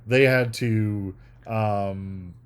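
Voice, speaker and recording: A man with a lowish voice co-hosts a podcast in easy casual chat. He rambles through his thoughts and now and then slips into playing out the scenes he describes. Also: steady tone, very slow, clean tone. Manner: rambling, acts out quoted scenes. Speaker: podcast co-host.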